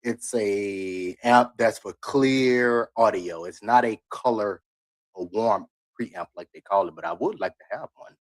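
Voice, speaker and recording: A man's voice: on the low side, unhurried, dry recording. A man on a live stream giving blunt, critical commentary in rambling asides as he reacts to a video.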